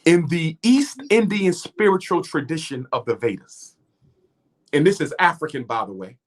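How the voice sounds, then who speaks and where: A man's voice: a little high, expressive, moderate pace. A middle-aged man speaking in a preacherly, rhythmic way, building emphasis through repetition. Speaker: guest speaker. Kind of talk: impassioned lecture in conversation.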